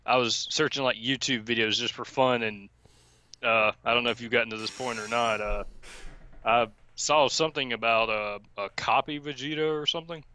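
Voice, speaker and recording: A man's voice: medium pitch, fairly even intonation, normal speed, pushed and bright, clear, resonant tone. A young man co-hosting a stream, chatting casually and hesitantly with many fillers. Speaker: stream co-host. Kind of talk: casual chat.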